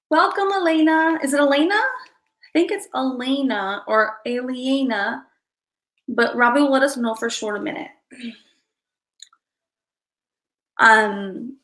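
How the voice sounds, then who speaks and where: A woman with a bright, forceful voice that sits a little high, chatting casually on a livestream. She rambles, restarts her thoughts and calls out viewers by name as she goes. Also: low-quality recording. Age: adult parent. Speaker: livestream host.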